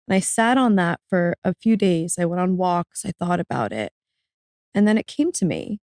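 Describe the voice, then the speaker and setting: A woman's voice: fairly low pitch, lively intonation, normal speed, darkish tone, no echo, clean studio sound. A woman being interviewed as a guest, speaking earnestly and reflectively about a personal experience, becoming tearful. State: tearful, emotional. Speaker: podcast guest, author.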